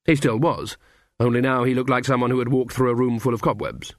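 A man narrating an audiobook in an even, wry storytelling manner. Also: mid-range voice, a little fast, no echo, studio quality.

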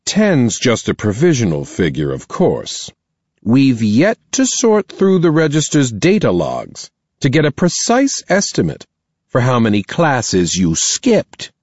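Guy putting on a stern principal lady, slow and formal, husky tone, dry sound. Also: mid-range voice, wildly swooping pitch, a little mellow, no room sound, lo-fi sound, pitched above the performer's own voice. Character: stern female school principal, middle-aged. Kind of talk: audiobook character voice.

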